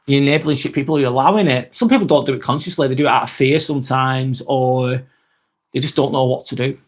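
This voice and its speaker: This man talks fast in a mid-range voice, with the Lancashire accent of Northwest England. He's hosting a relaxed live vlog, chatting casually with viewers and reading out their comments, swearing a lot and often starting his sentences over.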